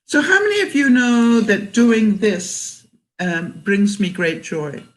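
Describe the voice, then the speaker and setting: A woman's voice: mid-range voice, sing-song, takes it slowly. An older woman from Canada, vlogging in a casual livestream chat, talking chattily, laughing often and reading viewer comments aloud.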